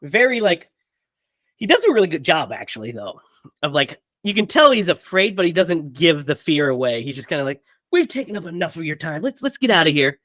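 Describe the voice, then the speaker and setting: A man co-hosting a casual movie podcast, retelling scenes with quick quoted character lines. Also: on the high side, big pitch swings, fairly bright tone, dry recording, clean studio sound. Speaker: podcast co-host.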